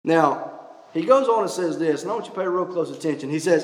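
A man's voice: a little high, animated, fast talker. A man preaching a sermon, emphatic and full of rhetorical questions, recorded in a church. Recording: echoey church hall.

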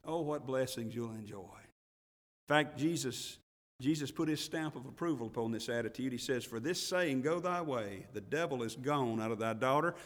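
A man preaching a sermon as pastor, swinging between loud emphatic passages and hushed, slow ones, and reading scripture in King James wording. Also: mid-range voice, big-room sound. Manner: reads scripture aloud in King James wording with rising intensity.

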